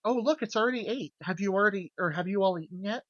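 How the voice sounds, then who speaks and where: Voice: medium pitch, fast, fairly bright tone, no echo, lo-fi sound. A streamer chatting casually with viewers, jokey and loose, swearing freely. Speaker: game streamer.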